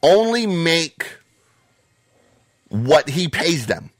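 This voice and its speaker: An American man hosting a podcast in casual, profane chat, his voice hoarse and wearing out. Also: a little high, sing-song, very slow. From United States. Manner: blunt, profane, laid-back. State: losing his voice. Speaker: podcast host.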